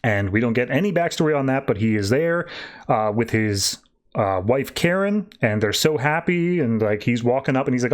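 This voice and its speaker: Man, podcast host, casual recap, mid-pitched voice, loose paraphrasing. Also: lively intonation, normal speed. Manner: loose retelling, paraphrasing characters with "he's like". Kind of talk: casual comic book recap.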